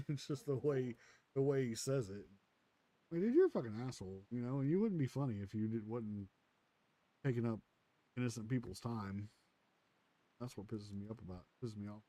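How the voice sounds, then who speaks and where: A man's voice: medium pitch, animated, normal speed, pauses often, dark tone. A man streaming a game from his home computer on a headset, rambling casually and swearing freely. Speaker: gaming streamer. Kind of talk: casual chat while playing a game.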